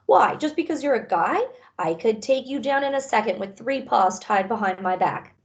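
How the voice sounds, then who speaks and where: Sassy young female dog played by a woman, sarcastic and defiant, higher voice, storybook. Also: expressive, normal speed, highs cut off.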